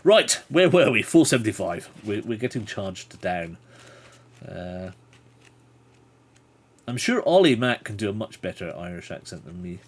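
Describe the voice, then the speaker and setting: A man's voice: on the low side, very animated, measured pace, pauses often. A man hosting a livestream, reading a gamebook aloud and chatting playfully with viewers. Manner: playful, chatty asides to chat.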